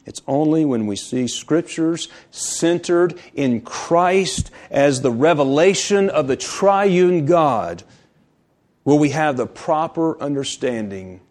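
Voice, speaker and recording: A man preaching a sermon in an emphatic, repetitive way, slowing on key phrases and dropping to a near-whisper for stress. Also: on the high side, expressive, a little mellow.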